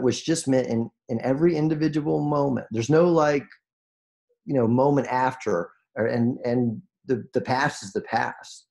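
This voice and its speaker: Earnest man with a gravelly voice. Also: medium pitch, normal speed, mellow. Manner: earnest, emotional, many restarts, voice rises when moved. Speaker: guest speaker on a group call. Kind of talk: heartfelt motivational talk.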